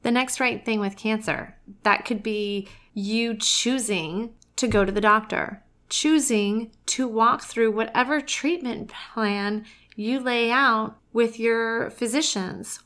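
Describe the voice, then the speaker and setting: Bright, emphatic woman. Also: a little high. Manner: warm, emphatic, says "y'all" and "oh my gosh". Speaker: vlogger, cancer survivor. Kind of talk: heartfelt casual monologue.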